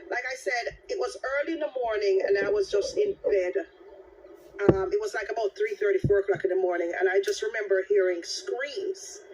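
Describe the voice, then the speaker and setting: A woman hosting a casual livestream chat, telling her story with lively, dramatic exclamations. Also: mid-range voice, brisk. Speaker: livestream host. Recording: distant mic with background noise.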